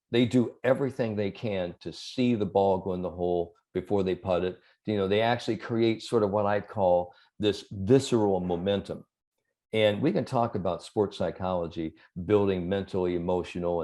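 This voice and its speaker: A man with a mellow, fairly low voice talks through a conversational interview as a sports psychologist guest. He tells lively stories and leans on plenty of "you know" fillers as he goes. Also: normal speed. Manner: animated storyteller, many "you know" fillers.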